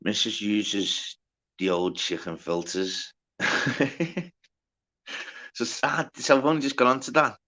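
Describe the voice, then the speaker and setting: A man's voice: fairly low pitch, fairly even intonation, slow pace, pauses often, pushed and bright. Bloke reading his live chat out, cheeky banter, swears a lot, says hi to everyone by name. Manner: banter-heavy and swearing, greeting viewers by name. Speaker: livestream host.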